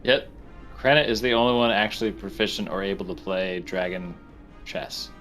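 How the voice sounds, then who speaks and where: A man's voice: lowish voice, normal speed, a bit bright, soft background music. A man playing a tabletop game, chatting eagerly and joking with the group. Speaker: player. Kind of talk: casual tabletop game chat.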